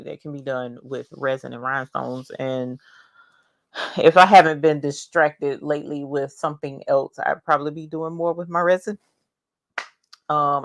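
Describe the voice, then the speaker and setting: Chatty low-voiced woman livestreaming crafts. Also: no echo. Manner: chatty, greets viewers by name, drawn-out exclamations. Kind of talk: casual livestream chat.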